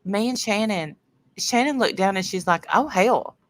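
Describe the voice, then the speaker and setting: Hosting a laid-back livestream, a middle-aged woman with sniffly sinuses chats and rambles, greeting viewers by name partway through sentences between stories. Her voice is medium-pitched and moves at a moderate pace.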